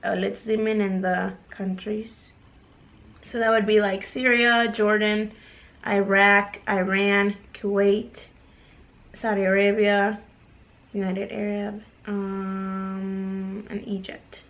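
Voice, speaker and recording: A woman's voice: mid-range voice, little pitch movement, takes it slowly, a bit bright, muffled recording. Chatty young woman vlogger. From United States. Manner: chatty, reads out lists of countries, laughs easily. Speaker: YouTuber. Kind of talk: casual vlog, reading results aloud.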